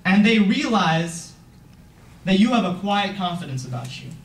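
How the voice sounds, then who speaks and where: A man's voice: sits high, very animated, moderate pace. A teenage boy giving a motivational speech at a corporate event, earnest and emphatic, asking the audience questions. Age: teens. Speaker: youth founder giving a talk. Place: event room, heard from a distance. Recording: echoey room from far off.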